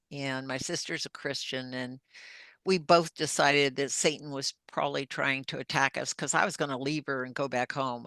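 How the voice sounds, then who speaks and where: Older lady telling her story, bright tense voice, retells the talk back and forth, dry sound. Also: very deep voice, dry recording. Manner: earnest, vivid retelling with acted-out dialogue. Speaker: podcast guest. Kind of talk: personal testimony storytelling.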